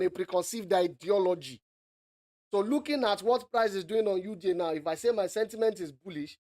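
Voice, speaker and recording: A man's voice: high-pitched, darkish tone. Playful man giving live market analysis. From Africa. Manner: playful and teasing, peppers speech with "all right".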